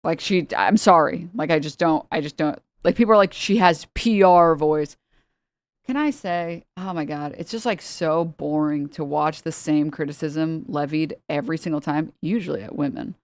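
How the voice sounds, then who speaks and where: A woman's voice: deep voice, moderate pace, hardly any pauses, no echo. A young woman streaming, talking casually and rambling with exasperated, sarcastic asides to her chat.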